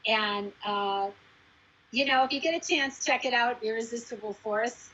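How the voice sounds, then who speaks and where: Animated woman telling set stories. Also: on the high side, a little slow, lo-fi sound. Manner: lively storytelling, acts out quoted people. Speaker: actress recalling a film shoot. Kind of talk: casual anecdote to camera.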